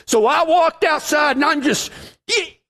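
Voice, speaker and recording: A man's voice: very high voice, unhurried, pushed and bright. A middle-aged man preaching a casual sermon, telling personal stories in a chatty, self-deprecating way.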